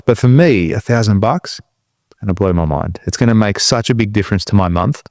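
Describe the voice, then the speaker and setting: Aussie guy cohosting a podcast, kinda low voice, earnest pep-talk vibe, dry close sound. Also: animated, fairly quick, a little mellow, no room sound. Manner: earnest, motivational storytelling. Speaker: podcast co-host. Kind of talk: casual podcast chat.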